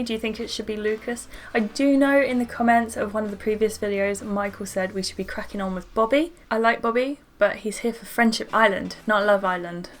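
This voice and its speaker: A young woman gaming YouTuber, bubbly and chatty, talking to her viewers in a casual let's-play. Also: fairly high pitch.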